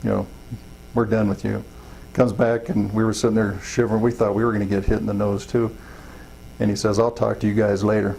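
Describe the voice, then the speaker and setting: A middle-aged wildland fire chief, interviewed casually, tells folksy, rambling stories packed with fillers and acted-out quotes. His voice is on the low side, creaky and a little mellow, with a flat delivery and a slightly fast pace. The low-quality recording carries slight background noise.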